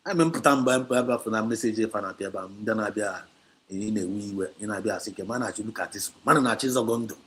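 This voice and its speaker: A man's voice: on the low side, fast talker. Igbo-accented nigerian guy preaching on a livestream, emphatic, keeps repeating himself, scolds listeners. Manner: switches between Igbo and English, repetitive and emphatic; exhorting and scolding. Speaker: activist livestream host. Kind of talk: impassioned preaching talk.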